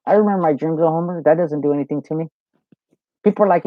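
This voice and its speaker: A man rambles easily through a live Q&A livestream, swearing freely, telling stories with lots of "you know" and reading viewer comments. His voice sits a little high and he talks quickly. The recording is close, dry, dull and lo-fi, with no room sound.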